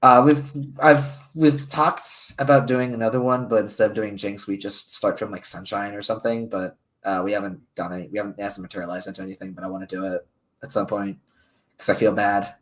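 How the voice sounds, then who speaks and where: Low-voiced man, rambling hesitantly. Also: fairly even intonation, a little fast, fairly bright tone. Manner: hesitant, lots of fillers and restarts. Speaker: guest on a live stream. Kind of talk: casual chat.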